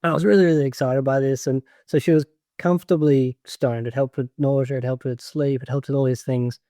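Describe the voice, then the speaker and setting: A man's voice: medium pitch, fairly even intonation, brisk, warm tone, no echo, clean studio sound. A man, a guest on a podcast, talking earnestly and rambling a little in casual chat. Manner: earnest, rambling, frequent fillers and restarts. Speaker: podcast guest, grower and educator.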